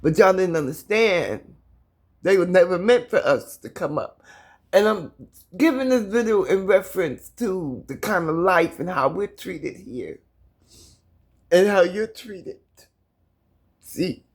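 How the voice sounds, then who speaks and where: A woman's voice: on the low side, lively intonation, unhurried, husky. A middle-aged American woman filming in her apartment, speaking passionately to her viewers while holding back tears and stuttering. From United States. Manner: impassioned, repetitive, addresses viewers directly. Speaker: vlogger. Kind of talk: emotional personal video.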